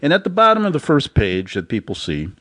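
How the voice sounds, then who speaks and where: A male host delivers a loose, rambling commentary monologue. His pitch swings up and down constantly, and he keeps chuckling at his own jokes. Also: wildly swooping pitch, brisk, sharp tone.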